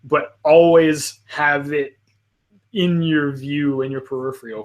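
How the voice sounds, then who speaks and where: Casting note: male panel host with a fairly high voice, halting and agreeable, restarts a lot. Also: steady tone. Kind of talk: casual live panel chat.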